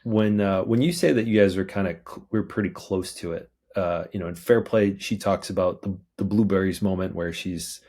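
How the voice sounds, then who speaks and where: Podcast host: man with a very deep voice, casual and hesitant, fills his pauses. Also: darkish tone. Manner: hesitant, restarts and filler words. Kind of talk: casual interview chat.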